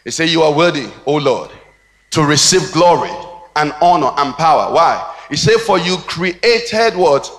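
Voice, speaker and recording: A man's voice: fairly high pitch, animated, moderate pace, a bit bright. A man with a Nigerian English accent, a pastor preaching a sermon with a rhythmic cadence and call-and-response questions to the congregation. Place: church hall. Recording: long reverb of a church hall.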